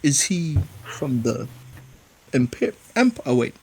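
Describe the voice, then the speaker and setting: A man's voice: medium pitch, sing-song, slow pace, husky. A man playing a tabletop game, talking casually and chattily with fillers. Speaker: player.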